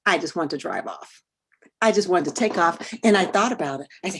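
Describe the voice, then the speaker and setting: A middle-aged woman giving a talk, telling a personal story expressively, sometimes dropping to a hush and sometimes rising with feeling, on a video call. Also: fairly low pitch, a little fast, slight background noise. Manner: expressive, swings from hushed to animated. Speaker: workshop speaker on parenting and bias.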